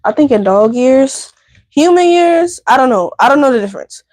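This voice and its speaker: A woman chats on a casual livestream from her home. Her voice sits high and swings widely in pitch, and the sound is dry and close. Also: expressive, moderate pace, a little mellow, no room sound. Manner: chatty, talks straight to viewers as y'all. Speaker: channel host. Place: home indoors.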